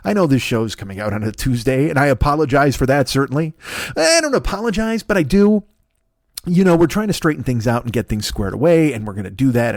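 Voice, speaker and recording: A man in his fifties, the host of a comedy podcast, riffing through a profane, rambling monologue with big comic swings in pitch. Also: a little mellow, dry recording, studio quality. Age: 50s. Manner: profane, riffing, jumps between wild pitch swings for bits.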